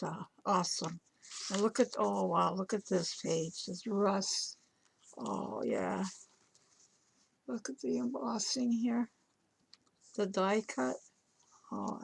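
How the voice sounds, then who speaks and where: A woman vlogger chatting casually to camera while unboxing a gift, gushing with awe. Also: mid-range voice. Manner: gushing, breathy exclamations of awe. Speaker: crafting vlogger.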